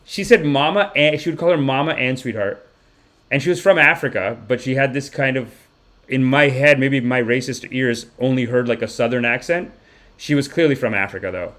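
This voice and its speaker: A man hosting a live comedy podcast, spinning a rambling, animated story. His voice sits at a middling pitch, and he swears freely and acts out the people he talks about. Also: normal speed. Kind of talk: rambling comic monologue on a live stream.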